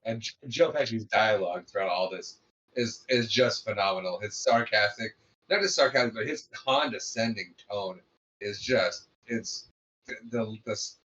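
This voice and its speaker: A man co-hosting a podcast, chiming in with enthusiastic praise and quick jokes in casual film commentary. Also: fairly low pitch, a bit bright, highs cut off. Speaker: podcast co-host.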